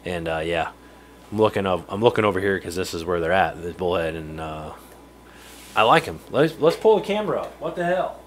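A man's voice: sits low, lively intonation, fairly quick, a little hiss or hum. Chatty man hosting a home livestream. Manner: rambling and chatty, answering viewer chat and chuckling. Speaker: livestream host. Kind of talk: casual livestream chat. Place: home fishroom.

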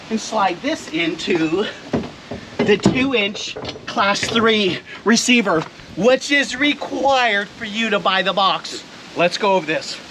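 Middle-aged guy, high bright voice, goofing around hyping gear to his viewers outside by the car. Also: a little hiss or hum. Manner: playful hype, talks straight to viewers. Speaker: vlogger reviewing gear. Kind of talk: jokey product unboxing vlog. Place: outdoors by a car.

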